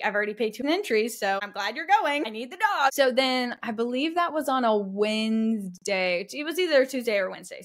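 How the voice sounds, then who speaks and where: A young woman telling a story in casual chat, animated and swearing, her voice rising when she gets upset. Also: fairly high pitch. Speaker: guest.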